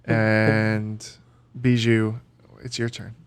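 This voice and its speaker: A man acting as game master in a tabletop game, relaxed and halting, laughing often. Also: lowish voice, clear, resonant tone. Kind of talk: running a tabletop game, casual.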